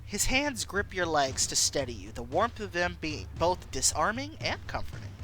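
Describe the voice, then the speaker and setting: A woman streamer reading a story game aloud, animated and giggly. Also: on the low side, moderate pace, a little hiss or hum. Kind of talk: live-stream game narration.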